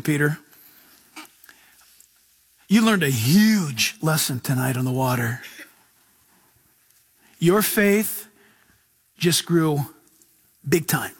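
A laid-back, encouraging Jesus who talks like a friend cheering someone on, as a man puts him on while preaching. The voice sits fairly high and has an easygoing, slangy delivery. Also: husky, full character voice.

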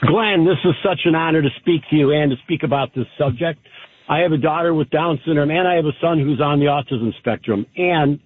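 A man calling in to a radio show, speaking warmly and gratefully. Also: fairly high pitch, a little fast, husky. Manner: warm, grateful and heartfelt. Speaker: caller. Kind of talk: call-in radio talk. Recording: tinny phone line.

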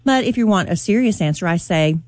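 A woman's voice: mid-range voice, expressive, brisk, darkish tone, dry recording. A woman in her forties, a radio show's love expert, giving blunt and sarcastic relationship advice in casual chat.

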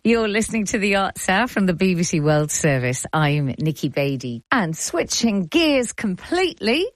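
A woman with an English accent hosting a radio arts show, presenting scripts crisply and playfully. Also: medium pitch, sing-song, normal speed, dry recording. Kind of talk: broadcast presenting and scripted narration. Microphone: studio mic.

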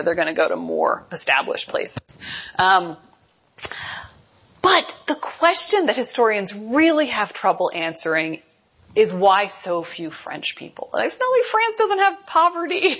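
Woman lecturing, husky, hesitant. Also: medium pitch, fairly bright tone. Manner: thinks aloud with many ums and restarts. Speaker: history lecturer. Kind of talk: university lecture with Q&A. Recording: dull lo-fi lecture recording.

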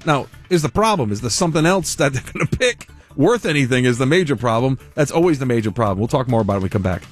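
A man hosts a talk radio show and rambles his way through a live ad read, chatty and repetitive, stopping mid-sentence to correct himself. His voice is mid-range, animated and quick, with soft music playing behind him.

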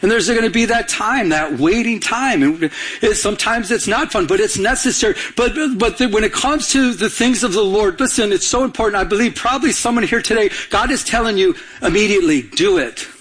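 Male pastor, high husky voice, urgent call-and-response sermon. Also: a little fast, fairly bright tone.

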